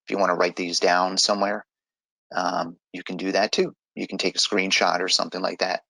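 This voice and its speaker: A man's voice: low-pitched, little pitch movement, fairly quick, gravelly, pushed and bright, dry recording, rough recording. A man teaching an online grammar lesson, explaining step by step in a patient way.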